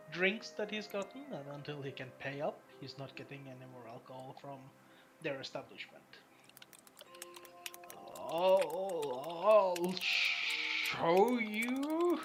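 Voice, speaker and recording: Brief: a man game-mastering at a slow, meandering pace, with lots of "like" and "uh", faint music under him. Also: medium pitch. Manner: hesitant, filler-heavy, drawn-out phrasing. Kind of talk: narrating a tabletop game.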